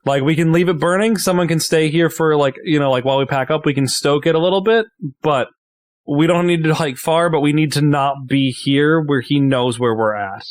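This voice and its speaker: Decisive man player, higher voice. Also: fairly quick, no echo, studio quality. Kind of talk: tabletop game play.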